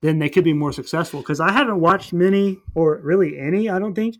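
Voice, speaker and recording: A young man with a somewhat high-pitched voice rambles through a movie plot in casual conversation. He tells it in an animated way and slips into quick character voices as he goes. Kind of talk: casual movie recap chat.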